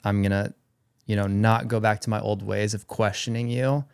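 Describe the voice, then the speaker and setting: A man telling a personal faith story in a slow, reflective, sincere way. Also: fairly low pitch, level tone, gravelly, clear, resonant tone, dry recording, studio quality. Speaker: podcast guest.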